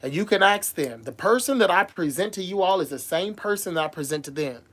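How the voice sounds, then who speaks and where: A woman's voice: lowish voice, lively intonation, brisk. A woman ranting on a casual livestream, heated and emotional, repeating and restarting her words as she speaks straight to her viewers. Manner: heated, emotional and repetitive, stumbling over words; addresses viewers directly. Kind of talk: casual live-stream rant.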